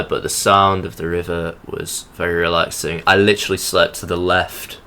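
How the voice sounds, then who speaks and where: A man's voice: deep voice, little pitch movement, normal speed, sharp tone, clear, resonant tone. A young man narrating his hike in a rambling, sardonic, sweary voice-over. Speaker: hiking vlogger.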